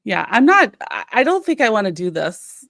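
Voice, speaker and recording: A woman's voice: medium pitch, big pitch swings, moderate pace, creaky, fairly bright tone. Teasing woman co-hosting a morning show. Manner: giggly, teasing. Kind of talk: casual chat.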